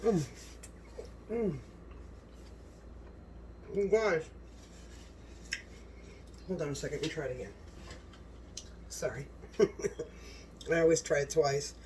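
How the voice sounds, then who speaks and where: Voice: medium pitch, far from the mic, noisy background. A cooking channel host in a home kitchen, gushing and exclaiming as they talk straight to viewers while tasting the food.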